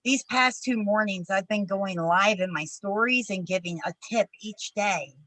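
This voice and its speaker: A woman's voice: mid-range voice, a little slow, bright, forceful tone, no echo, rough recording. A woman co-hosting a morning video call, speaking in an upbeat, encouraging way. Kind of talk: casual motivational chat.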